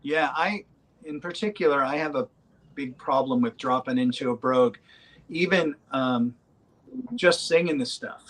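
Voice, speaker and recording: A man in a band, talking casually in an interview, rambling with many pauses and fillers. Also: mid-range voice, fairly bright tone, poor audio. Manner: rambling, hesitant with many ums. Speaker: band member.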